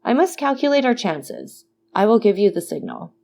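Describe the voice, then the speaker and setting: A woman voicing a cautious older male prisoner who speaks in a guarded, measured way. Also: medium pitch, very animated, gravelly, a little mellow, voice pushed up.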